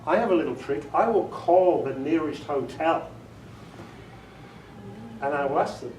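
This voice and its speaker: A man's voice: fairly high pitch, animated, measured pace, long pauses, darkish tone. British man, audiobook director, casual workshop talk, joking, quizzing the audience, distant mic, echoey room. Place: meeting room with a small audience. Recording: echoey room, voice far from the mic, faint noise.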